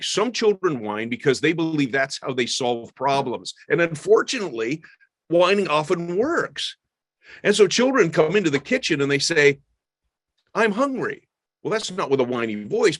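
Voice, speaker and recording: A man's voice: a little high, no echo. A middle-aged man, a pastor, giving an earnest, emphatic webinar talk on parenting and acting out the lines of parents and children. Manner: earnest, emphatic, animated teaching with acted-out quotes.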